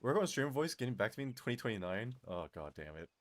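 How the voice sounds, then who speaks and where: A man chats casually on a live stream, answering his chat with animated energy and laughing easily. His mid-range voice sounds strained and tired.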